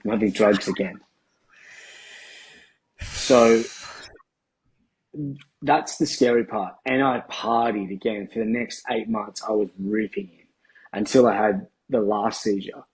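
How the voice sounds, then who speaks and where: Low husky Australian man. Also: steady tone, poor audio. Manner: blunt, slangy, halting with ums. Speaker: guest. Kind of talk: candid interview storytelling.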